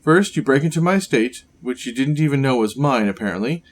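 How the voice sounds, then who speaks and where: A man's voice: mid-range voice, animated, fairly quick, natural voice. A man voicing a grave sickly scientist villain. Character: gaunt, sickly male scientist villain, secretive. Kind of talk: reading game dialogue aloud.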